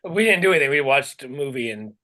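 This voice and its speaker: A man's voice: mid-range voice, lively intonation, fast, pushed and bright. A man co-hosting a podcast, ranting in a heated, profane, rambling way. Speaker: podcast co-host. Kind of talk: casual chat, ranting.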